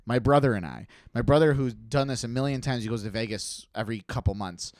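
A man's voice: mid-range voice, fast talker, no room sound, studio quality. A man casually telling a story on a podcast, acting out the voices of the people in it. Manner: animated storyteller who acts out quotes.

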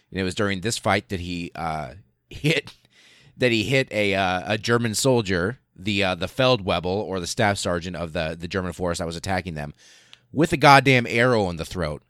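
A low-voiced man hosts a podcast, telling history in a loose, profane, animated way. His voice sits deep, and the recording is close and dry with no room sound. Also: no room sound. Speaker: podcast host. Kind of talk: casual history storytelling.

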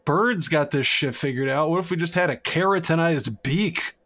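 A man's voice: fairly high pitch, normal speed, a bit bright. A man co-hosting a casual podcast, telling stories with profanity, quips and self-mocking humor. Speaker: podcast co-host. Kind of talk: casual chat.

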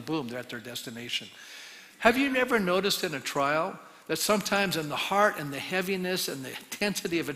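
A pastor delivers a sermon in a bright, ringing voice, set a little higher than most men's. He pleads earnestly with the congregation, swelling louder, then dropping low. The sanctuary gives his words a long reverb, with soft music faintly underneath. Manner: earnest, pleading, rises and drops in volume. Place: church sanctuary. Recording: long reverb of a large hall.

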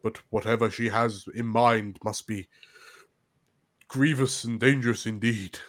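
A man voicing a solemn male palace chef in a tabletop game, speaking in a halting, formal way. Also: fairly low pitch, fairly even intonation, pitched below the performer's own voice, natural voice. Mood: grave.

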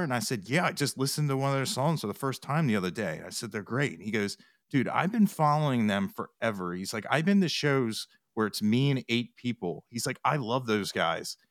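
A man's voice: mid-range voice, lively intonation, normal speed, no echo, studio quality. A man chatting as an interview guest, rambling with restarts and retold quotes. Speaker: podcast guest, TikTok music reactor. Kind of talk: casual interview chat.

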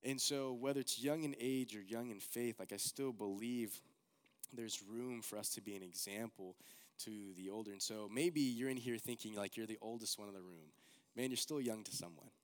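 A man's voice: fairly low pitch, moderate pace, clear, resonant tone. A young man preaching a casual, earnest sermon, peppering his talk with "like.". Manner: casual, earnest, heavy use of like.

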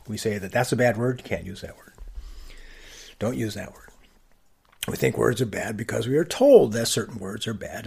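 Brief: middle-aged male host, husky, lively pitch, wry storyteller dropping to quiet asides. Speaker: podcast host. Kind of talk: reflective storytelling monologue.

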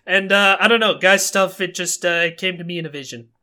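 A young man co-hosting a podcast in casual chat, talkative and quick to laugh at himself. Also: sits high, pushed and bright, smooth. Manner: chatty, self-amused, laughs often. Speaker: podcast co-host.

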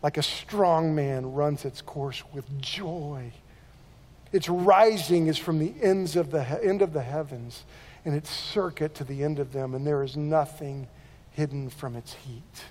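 Pastor guy preaching, kinda high voice, lots of echo trailing off, keeps restarting words. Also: measured pace, darkish tone. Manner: earnest preaching with repeated word restarts. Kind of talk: sermon. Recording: long hall reverb.

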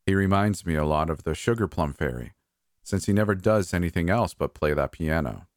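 A man narrating a first-person horror story in a calm, measured, slightly wry way. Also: low voice, no echo, studio quality.

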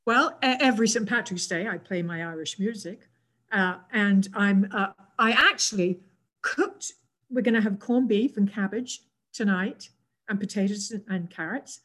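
Speaking in a mid-range voice, a woman in her seventies with an English accent tells her own stories as an interview guest. She is gentle and reflective, often stopping and restarting.

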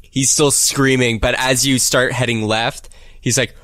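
A man's voice: medium pitch, fairly even intonation, a little slow, a bit bright, dry recording, studio quality. A man running a tabletop game as game master, narrating loosely with restarts.

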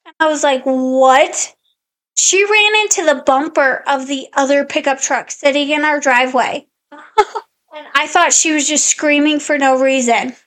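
High-pitched woman cohost, chatty, acts out what she said in the story. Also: normal speed. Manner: animated storyteller acting out her own quotes. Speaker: podcast co-host. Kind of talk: casual storytelling chat.

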